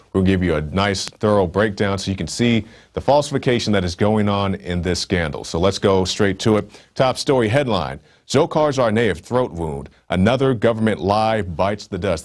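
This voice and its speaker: Deep-voiced male news host. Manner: conversational, fillers and asides while reading stories. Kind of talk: news commentary.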